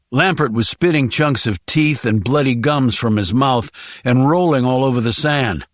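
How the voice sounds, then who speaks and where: Reading an audiobook aloud, a male narrator delivers scripted text in a measured, even way. The medium-pitched voice has no echo and studio-quality sound.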